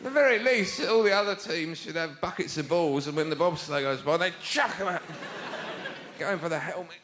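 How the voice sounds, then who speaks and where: A man with an English accent performing a stand-up routine on a theatre stage, breaking into shouted mock outbursts. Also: a little high, fairly quick. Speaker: stand-up comedian. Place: theatre stage with live audience. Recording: live show recording with audience noise.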